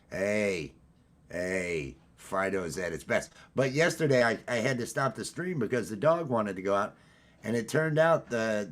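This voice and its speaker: A man hosting a casual livestream from home, upbeat and rambling as he greets his viewers. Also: fairly low pitch. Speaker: livestream host. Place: at home, green screen.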